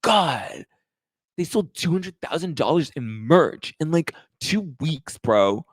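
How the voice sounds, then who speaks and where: A man's voice: a little high, sing-song, slow pace, no echo, clean studio sound, voice pushed up, full character voice. A man putting on the voice of a whiny, distraught man who complains in an exaggerated way about his troubles. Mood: exasperated.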